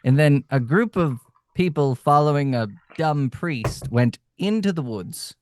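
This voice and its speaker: A man playing a tabletop role-playing game, speaking in a hesitant, stammering, halting way. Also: on the high side, expressive, darkish tone, a little hiss or hum. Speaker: player. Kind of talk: in-character tabletop role-play.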